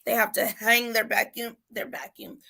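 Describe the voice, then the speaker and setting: A mother in casual chat, telling an animated story and acting out her son's voice. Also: a little high, normal speed, gravelly.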